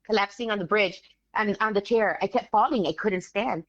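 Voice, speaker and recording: A woman, a guest telling a story in casual animated talk, acting out the voices of others. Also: mid-range voice, normal speed, no echo, dull audio. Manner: animated, acts out quoted voices, swears casually.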